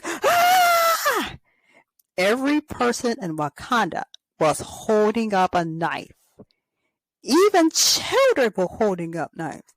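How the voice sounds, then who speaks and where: A woman's voice: medium pitch, no echo, low-quality recording. A woman hosting a casual fan show, rambling and giggling as she retells scenes. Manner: giggly, rambling, frequent laughs. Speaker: host of a toy fan show. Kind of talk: casual chat with skits.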